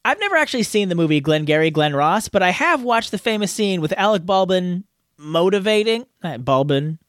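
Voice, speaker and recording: Male podcast co-host, goofy and self-mocking, animated pitch, very dry close sound. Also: brisk, dry recording. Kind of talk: casual podcast outtakes.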